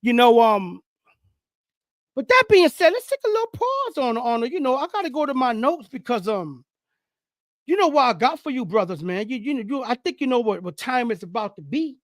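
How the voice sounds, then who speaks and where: A man hosting a show, giving casual, slangy and teasing sports commentary in an animated way. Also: very high voice, moderate pace, no echo, studio quality. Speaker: host.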